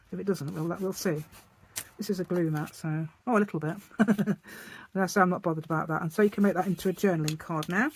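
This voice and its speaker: A woman's voice: on the low side, breathy edge. A middle-aged woman chatting casually through a craft tutorial at her desk, rambling and laughing often. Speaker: craft channel host.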